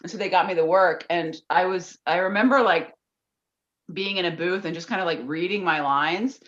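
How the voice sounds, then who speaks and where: A woman voice actor chatting as a podcast guest over a remote call, lively and full of "like" fillers. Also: lowish voice, moderate pace, muffled recording. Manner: lively, filler-heavy, laughs easily. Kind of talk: casual chat. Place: at home in Atlanta over a call.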